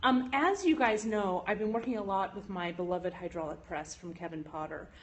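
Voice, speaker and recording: At a moderate pace and medium pitch, a woman hosts a casual phone livestream from her jewelry studio, chatting with viewers and reading and answering their chat messages. She says "um" often, and the recording sounds muffled.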